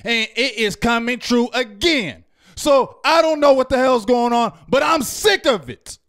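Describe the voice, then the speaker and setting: A man hosting a sports reaction show, ranting heatedly and yelling at times. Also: extremely high pitch, measured pace. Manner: loud, fired-up, repetitive, yells at times. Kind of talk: heated fan rant.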